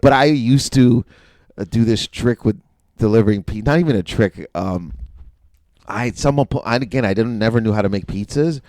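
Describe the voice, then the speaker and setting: A man's voice: on the low side, moderate pace, a little mellow, no room sound. A man in his forties from Windsor, Canada, a podcast guest telling a story in casual chat and acting out other people's lines.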